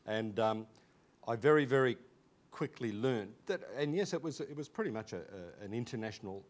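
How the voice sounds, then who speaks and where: Lively Australian man telling anecdotes. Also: medium pitch, moderate pace. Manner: animated, laughing, many restarts. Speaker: alumnus recalling school days. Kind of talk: casual anecdotal storytelling.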